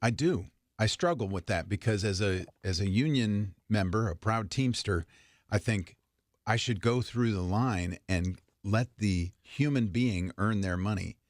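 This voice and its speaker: A man's voice: on the low side, measured pace, dry recording. A man co-hosting a morning radio show, chatting casually with dry, self-mocking humor. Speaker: radio co-host. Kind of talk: casual studio banter. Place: radio studio.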